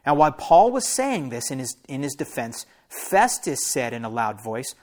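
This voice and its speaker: A man's voice: medium pitch, animated, a little slow, a little mellow. A man, a pastor, preaching a sermon and reading scripture aloud, stopping often for plain explanatory asides to his listeners.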